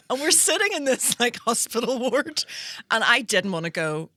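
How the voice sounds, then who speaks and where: A woman's voice: a little high, lively intonation, moderate pace, bright, forceful tone, no echo. A woman, hosting a podcast as a comedian, telling stories chattily and laughing often. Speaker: podcast host, stand-up comedian. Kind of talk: casual chat.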